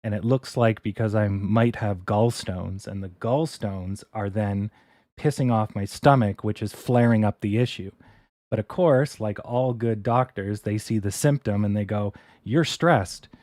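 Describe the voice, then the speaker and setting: A man's voice: fairly low pitch, steady tone, a little slow, dark tone, no echo, clean studio sound. A man hosting a casual stock live stream, ranting in exasperation, sighing and swearing. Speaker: stock livestream host.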